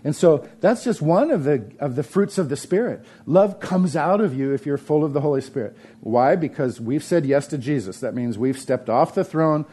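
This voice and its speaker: Mellow-voiced preacher man. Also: on the high side, animated, moderate pace, few pauses, husky. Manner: conversational preaching, swells to emphatic peaks. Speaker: pastor. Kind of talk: sermon. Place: church sanctuary.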